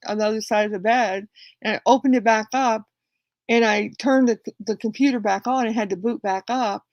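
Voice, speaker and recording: A woman's voice: a little high, darkish tone, dry recording, dull audio. A woman livestream host telling a rambling story to her viewers, acting out both sides of an argument. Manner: chatty, retells quarrels acting out both sides; rambling with frequent restarts.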